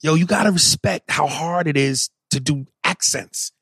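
A man in casual conversation, animated and profane, jumping into loud excited bursts. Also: a little high, normal speed, husky, dry recording. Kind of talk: casual chat.

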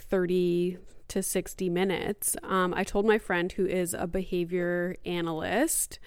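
Chatty woman with a crisp, dry voice. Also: lowish voice, dry recording. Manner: chatty, heavy use of "like" and "um". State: mildly out of breath. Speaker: podcast host. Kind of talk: casual solo podcast talk.

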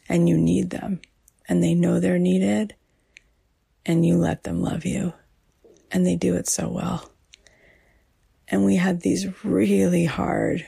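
A middle-aged woman hosting a podcast, sharing a personal story slowly and softly, often half-whispering. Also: fairly low pitch, creaky, slightly rough, dry recording. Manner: slow, soft, half-whispered and tearful. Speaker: podcast host.

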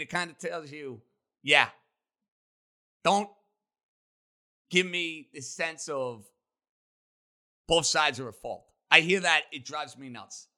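A man hosting a sports talk show, delivering an opinionated monologue with emphatic, rapid-fire takes. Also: a little high, bright, forceful tone. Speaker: sports radio host.

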